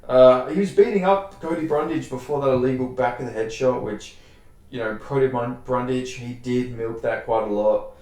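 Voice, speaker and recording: An Australian man hosting MMA fight predictions rambles loosely, circling back on his words and swearing casually. His voice is middle-pitched and a little mellow, his pace moderate, and the room he's recorded in is very echoey.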